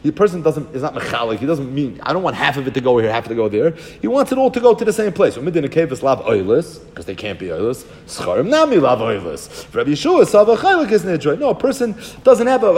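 Fast, lively man teaching Talmud. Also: medium pitch, in a large hall. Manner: quick, sing-song explaining that mixes Hebrew and Aramaic terms into English. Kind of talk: Talmud lecture.

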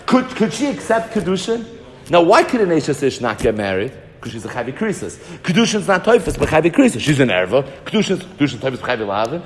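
A man teaches a Talmud lesson in a lively, animated way, with a voice pitched a little high that swings up and down a lot. He argues both sides of each point and often repeats words as he works through them. His voice rings with a long, echoing reverb. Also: fast talker. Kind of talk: Talmud lecture.

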